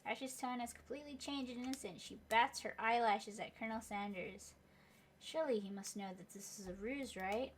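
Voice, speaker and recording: A woman's voice: on the high side, brisk, a little hiss or hum. A young adult woman hosting a let's play, reading game narration aloud with playful, giggly asides.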